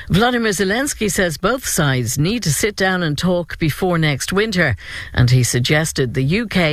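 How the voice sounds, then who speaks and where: A man reading a radio news bulletin in a steady, measured way. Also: on the high side, no echo. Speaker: newsreader. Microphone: studio microphone.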